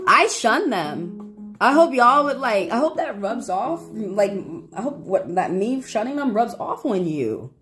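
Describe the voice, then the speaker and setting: A woman's voice: fairly high pitch, big pitch swings, measured pace, a bit bright. A woman tarot reader talking bluntly and profanely to her live chat. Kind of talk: live-stream talk to chat. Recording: guitar music in background.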